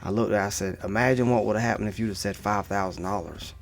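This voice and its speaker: A man's voice: fairly low pitch, fast, creaky, soft background music. A man in his thirties talking casually to camera, rambling through a personal story with many restarts and asides. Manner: rambling, repeats "right?" and restarts. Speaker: vlogger.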